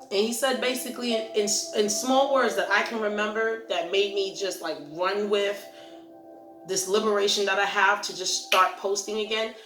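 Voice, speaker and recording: A woman's voice: mid-range voice, fairly even intonation, moderate pace, a bit bright. A woman hosting a Christian ministry channel, talking casually to camera in an earnest, rambling, self-reflective way. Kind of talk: casual encouraging talk to camera. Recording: roomy echo with faint music.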